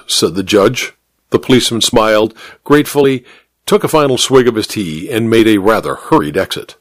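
Expressive man narrating a murder mystery. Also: fairly low pitch, normal speed, no echo. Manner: expressive, reads all the voices. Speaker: storyteller. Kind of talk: scripted narration.

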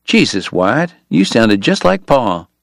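A man voicing a lively frontier lawman, a teasing younger brother, in an audiobook. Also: lowish voice, slow pace, vocal fry, no echo, clean studio sound, exaggerated voice.

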